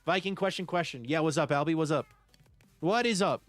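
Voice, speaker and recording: Chatty, high-voiced male game streamer. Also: a little fast, dry recording, faint music behind. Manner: chatty, reads out and thanks viewers by name. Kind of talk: live gameplay stream chat.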